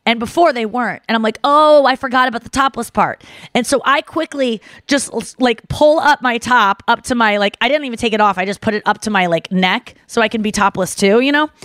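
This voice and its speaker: A woman podcast host telling a story in casual chat, animated and full of fillers, slipping into the voices of the people she describes. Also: fairly high pitch, no echo. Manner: animated, filler-heavy, acts out others' voices.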